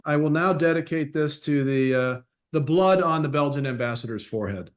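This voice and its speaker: A man hosting a podcast, talking in a relaxed, halting way with many fillers. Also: on the high side. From United States. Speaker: podcast host. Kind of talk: casual chat.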